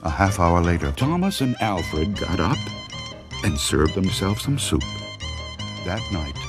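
A man telling a comic parody of a scary story in a dramatic, slow storytelling manner. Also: sits low, big pitch swings. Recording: music playing behind.

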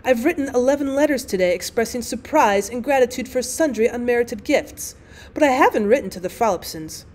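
A woman's voice: fairly high pitch, lively intonation, brisk, a little mellow, natural voice. A woman voicing a weary, witty young wife who speaks with dry, tired defiance. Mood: weary defiant. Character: weary, witty young wife worn out by thank-you letters.

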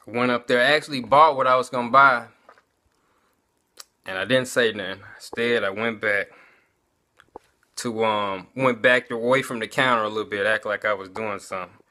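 Guy telling his faith testimony, chatty, bright voice, keeps saying y'all. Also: mid-range voice, steady tone, moderate pace, long pauses. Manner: conversational, keeps addressing listeners as y'all. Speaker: vlogger giving a testimony. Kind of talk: casual personal testimony.

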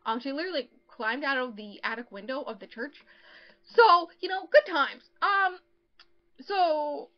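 A woman's voice: high voice, animated, unhurried, highs cut off. A woman co-hosting a podcast, casually recapping a novel's plot with lots of fillers and acted-out lines. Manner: chatty, lots of ums, acts out characters' lines. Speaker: podcast co-host.

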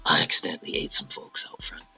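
A man voicing a clumsy monster who ate some townsfolk, in a high sheepish whisper. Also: fast, bright, forceful tone, no echo, faint music behind, low-quality recording.

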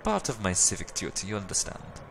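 A man's voice: fairly low pitch, huge pitch swings, brisk, gravelly, background noise, full character voice. A man voicing a sly, fawning Turkish cafe owner in a video game, with an exaggerated Turkish accent and salesman's patter. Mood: hushed. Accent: exaggerated put-on Turkish. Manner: oily salesman patter, drops to conspiratorial murmurs. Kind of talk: reading a video game's dialogue aloud.

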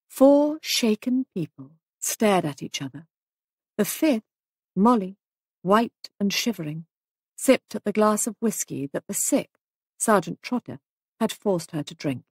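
A woman narrating an audiobook mystery in a measured, even storytelling voice, close to the mic. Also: on the low side, slightly rough, no room sound. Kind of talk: scripted narration.

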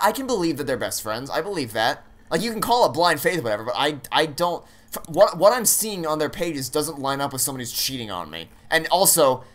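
A man's voice: fairly high pitch, a bit bright. A man playing through a story game, thinking aloud with hesitant, stammering restarts and casual swearing. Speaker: let's play gamer.

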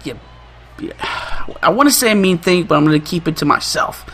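A young man runs a gaming channel, delivering excitable, trash-talking gameplay commentary and laughing often. His voice is a little high at normal speed, with faint music behind him.

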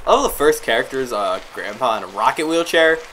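A man giving excitable, joking gameplay commentary, swearing and yelling at the game. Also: mid-range voice, brisk, a little hiss or hum, rough recording. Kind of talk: let's play commentary.

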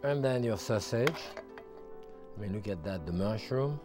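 Tv chef guy, lowish voice, explains each step, chill asides, music playing behind. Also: measured pace. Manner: step-by-step instructional, with relaxed asides. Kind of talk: cooking demonstration. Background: background music.

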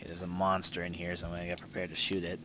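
A low-voiced man provides let's-play commentary on a horror game, reading on-screen text aloud and musing to himself. He speaks quickly in a completely flat delivery, with game music and background noise behind him.

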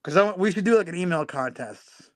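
A man's voice: high voice, animated, a little fast, no echo. A man co-hosting a podcast, rambling with fillers and teasing his co-host in a mock-prudish way. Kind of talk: casual podcast chat.

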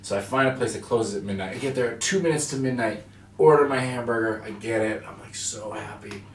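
A man's voice: medium pitch, a little fast. A man, an actor and writer, chatting casually in an interview and telling rambling, jokey stories in which he acts out what people said. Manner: rambling, jokey storyteller who acts out quotes. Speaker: actor and screenwriter guest. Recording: echoey room, distant mic, light noise.

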